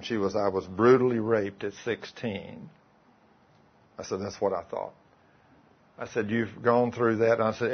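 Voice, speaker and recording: A man's voice: on the low side, breathy edge, highs cut off. A male preacher, delivering a sermon by retelling conversations line by line. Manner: retells dialogue, quoting both sides. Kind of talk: sermon with told stories.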